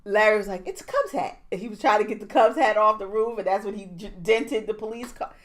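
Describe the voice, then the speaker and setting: A woman's voice: mid-range voice, fast. A woman co-hosting a podcast, chatting casually about TV and acting out scenes with lots of laughter. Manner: animated, laughing, acts out scenes from shows. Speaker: podcast co-host.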